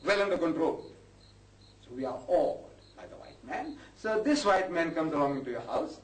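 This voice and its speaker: Impassioned preacher, echoey hall. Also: male voice, big pitch swings, normal speed. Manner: impassioned, rhetorical questions, jumps in pitch. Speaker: Islamic preacher. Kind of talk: lecture to a live audience. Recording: echoey hall from far off, faint hiss.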